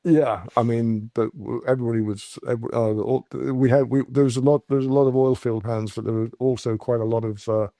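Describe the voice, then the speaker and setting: An English man, a podcast guest, telling stories casually with many halting restarts. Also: medium pitch, fairly even intonation, mellow, no room sound, clean studio sound. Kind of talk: casual storytelling.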